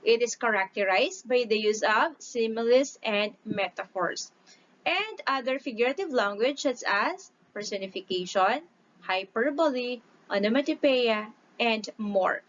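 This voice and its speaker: A woman teacher giving a recorded lesson, explaining slowly and deliberately, stretching out syllables when she reads example lines aloud. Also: fairly high pitch, animated, fairly bright tone, slight background noise. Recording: dull lo-fi recording.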